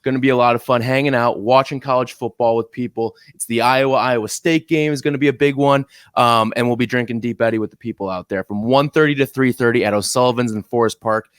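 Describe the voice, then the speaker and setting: A man's voice: mid-range voice, steady tone, fast, hardly any pauses, clean tone, no echo, clean studio sound. A man co-hosting a college football podcast, talking casually and teasing his co-host. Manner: upbeat, teasing banter. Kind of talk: casual sports chat.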